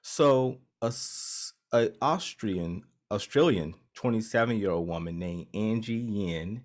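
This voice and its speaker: A man's voice: fairly low pitch, slow pace. A man co-hosting a podcast in casual chat, hesitant with many fillers and restarts, laughing often. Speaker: podcast co-host.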